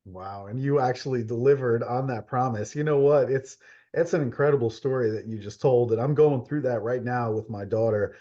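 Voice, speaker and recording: A man in his forties hosting an interview, reflecting in a relaxed, chatty way and laughing easily. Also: medium pitch, moderate pace. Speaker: host. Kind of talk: casual interview chat. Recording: slightly dull, lo-fi audio.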